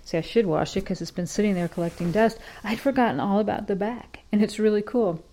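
A woman's voice: medium pitch, a little fast, dark tone. A woman hosting a casual home podcast, chatty and self-deprecating, rambling and wandering off topic as she goes. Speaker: podcast host. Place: home kitchen.

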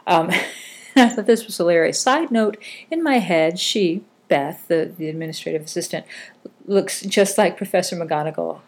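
A woman hosts a casual podcast. She rambles through listener comments, full of fillers and quick self-corrections, in a relaxed, chatty way. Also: lowish voice. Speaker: podcast host.

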